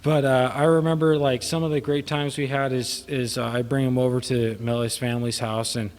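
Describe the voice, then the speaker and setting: A man delivers an unscripted eulogy in a church, his voice sitting at an ordinary middle pitch. He rambles with many fillers, slipping between tearful laughter and quiet sadness. A long reverb trails each phrase through the room. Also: little pitch movement, a little fast. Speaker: son giving a eulogy. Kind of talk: informal memorial speech. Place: church hall.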